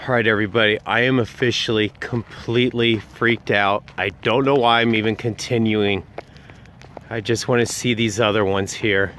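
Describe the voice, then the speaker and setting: A man's voice: on the low side, fairly even intonation, moderate pace, fairly bright tone, a little hiss or hum. A man hosting a ghost-hunting vlog outdoors in a cemetery at night, talking into a handheld camera mic. He exclaims often and keeps repeating short phrases. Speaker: vlog host.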